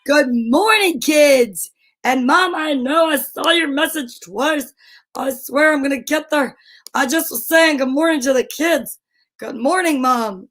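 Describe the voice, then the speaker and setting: A woman's voice: sits high, measured pace, a bit bright, low-quality recording. A middle-aged woman with a New Jersey accent hosting a cheerful kids' show in a playful, sing-song way. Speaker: children's show host. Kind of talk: cheerful live-stream chat for kids.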